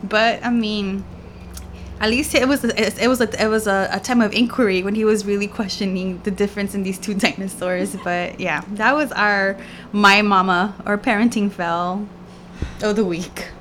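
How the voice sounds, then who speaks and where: A woman's voice: medium pitch, normal speed, slight background noise. A woman, a mother of a toddler, telling a story casually and acting out the dialogue with laughter. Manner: animated storyteller, acts out dialogue. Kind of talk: casual group chat.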